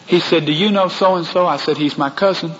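A man's voice: a little high, a little fast, fairly bright tone, long reverb tail, lo-fi sound, slight background noise. A man from Texas with a Texan accent, preaching a sermon and telling a personal story in a folksy way that speaks straight to the congregation. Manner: folksy, addresses the congregation directly.

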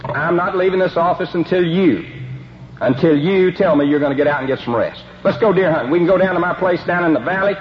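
Man playing a pushy friendly assistant coach, insistent and coaxing, slightly high. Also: fast talker, reverberant, muffled recording, slight background noise, lightly acted.

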